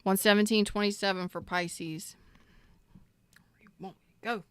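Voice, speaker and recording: A woman's voice: medium pitch, fairly even intonation, normal speed, fairly bright tone, slight background noise. A woman giving a live tarot reading, emphatic and preachy, swearing freely and close to tears. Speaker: tarot reader.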